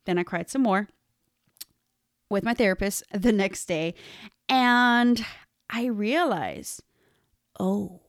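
Candid woman, slow unhurried storytelling. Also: medium pitch, expressive, dry recording, studio quality. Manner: candid, laughs often, quotes herself. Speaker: speaker telling a personal story. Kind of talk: personal storytelling talk.

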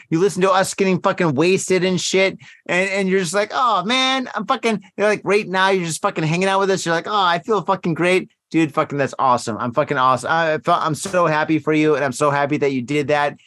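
A man's voice: a little high, fast, hardly any pauses, fairly bright tone, no room sound. A man hosting a casual drinking podcast, swearing heavily and rambling with emphatic repeats. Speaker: podcast host.

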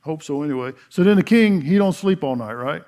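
Man, middle-aged pastor, sermon, folksy storyteller, slightly raised pitch, loud then hushed. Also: animated, a little fast. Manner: folksy storytelling, acts out biblical dialogue; swings from loud emphatic to hushed earnest.

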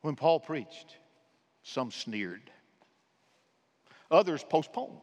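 High-voiced preacher in a reverberant church. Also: male voice, very animated, extremely slow. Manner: impassioned preaching with shifting loud and hushed delivery. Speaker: pastor. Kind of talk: sermon. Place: church sanctuary.

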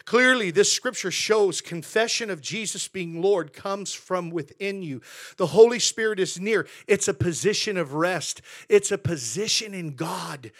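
High, bright-voiced impassioned male preacher. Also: expressive, unhurried. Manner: impassioned preaching, swinging from shouts to hushed asides. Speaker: pastor. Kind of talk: sermon. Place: church sanctuary.

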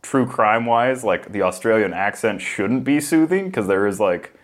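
Brief: low-voiced male co-host, rambling casual chat, full of fillers. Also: moderate pace. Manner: rambling, many fillers, lively when mocking. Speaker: podcast co-host.

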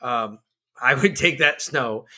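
A man's voice: medium pitch, slow, sharp tone. A man co-hosting a casual political podcast, ranting with lots of profanity. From Georgia, USA. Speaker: podcast co-host.

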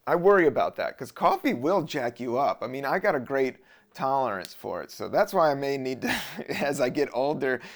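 A man's voice: medium pitch, big pitch swings, moderate pace. A man from Southern Virginia hosting a podcast, rambling casually in a laid-back, profane monologue. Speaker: podcast host.

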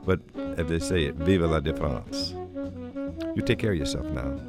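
Male radio host, very deep and gravelly, folksy and halting, lively swoops in pitch. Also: loud music behind the voice. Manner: folksy, halting, with repeated thanks and blessings. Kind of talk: casual music-show hosting.

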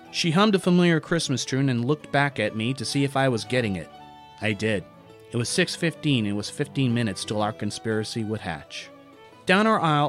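Male storyteller, wry and self-deprecating, mid-pitched, light music bed. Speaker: narrator. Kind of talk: personal story narration.

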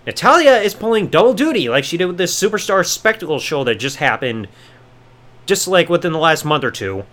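A podcast host with a high, animated voice rambles through his recap. He is sarcastic and swears freely. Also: fairly quick. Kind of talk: wrestling review podcast.

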